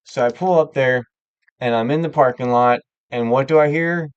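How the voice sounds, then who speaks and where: A man's voice: medium pitch, normal speed, smooth, no room sound, highs cut off. A man hosting a live stream, talking candidly and rambling with many filler words in casual chat. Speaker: livestream host.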